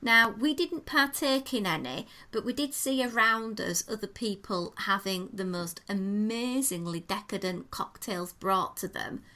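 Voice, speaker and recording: A woman tells a podcast co-host all about a restaurant visit. Her voice is bright and forward, and she talks in an easy, enthusiastic way, painting each detail as she goes. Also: medium pitch, measured pace, few pauses. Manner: chatty, descriptive, enthusiastic storytelling. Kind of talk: casual chat, restaurant review.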